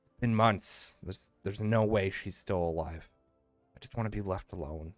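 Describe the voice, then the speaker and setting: A man voicing an angry, grieving male dwarf recluse who yells at intruders. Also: lively intonation, unhurried, dry recording, soft background music. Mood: bitter grief. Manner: shouting and shrill when angry.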